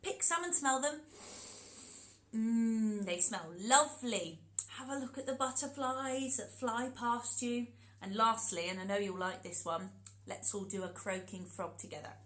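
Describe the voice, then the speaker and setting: A woman telling an interactive children's story, animated and encouraging, often talking straight to the children. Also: fairly high pitch, a little slow, poor audio. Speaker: storyteller and workshop leader.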